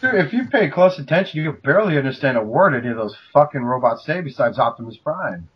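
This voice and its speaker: Profane rambling man, husky voice. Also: a little high, animated, quick pace, muffled recording. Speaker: podcast host. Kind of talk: casual chat.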